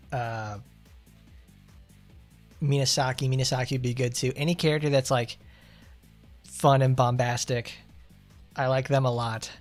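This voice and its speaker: A man streaming a game, rambling casually and laughing often as he plays. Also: mid-range voice. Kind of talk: casual gameplay commentary.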